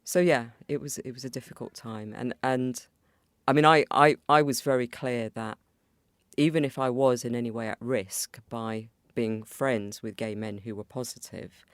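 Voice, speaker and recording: A man's voice: medium pitch, fairly even intonation, moderate pace, clean tone, no room sound. A middle-aged man, a DJ, giving personal testimony in a reflective way with hesitant restarts.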